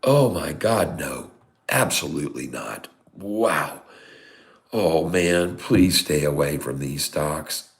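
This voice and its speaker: Middle-aged male host, stock commentary, deep voice, unhurried, exasperated and scolding. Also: gravelly, fairly bright tone. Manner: exasperated, scolding, emphatic repeated no's; drops to a whisper at times. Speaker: day-trading channel host. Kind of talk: live stock chart commentary. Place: sister's house, indoors.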